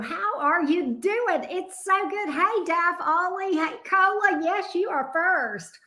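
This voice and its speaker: Bubbly high-voiced Southern woman. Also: animated, slow, hardly any pauses, bright, forceful tone. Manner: bubbly, greets viewers by name. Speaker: tarot reader hosting a livestream. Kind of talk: casual livestream chat.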